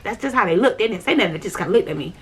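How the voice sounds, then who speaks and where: A woman's voice: medium pitch, animated, racing, breathy edge. A woman vlogger telling her personal spiritual testimony in a conversational way. She speaks emphatically, repeats her points and talks straight to her viewers. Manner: emphatic, repetitive, conversational storytelling; addresses viewers directly.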